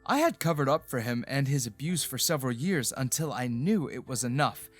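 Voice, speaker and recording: A man narrating a first-person love story in a steady, earnest way, with soft background music. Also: medium pitch, a little fast.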